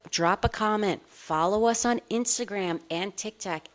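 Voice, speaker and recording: A woman's voice: mid-range voice, measured pace. A woman co-hosting a podcast in casual chat, peppering her talk with "like". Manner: chatty, heavy use of "like". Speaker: podcast co-host.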